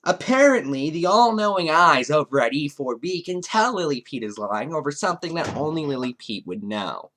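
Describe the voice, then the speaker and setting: Male commentary host, sarcastic, animated intonation. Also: moderate pace, few pauses. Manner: sarcastic, mocking, with lively swings in pitch. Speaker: commentary YouTuber.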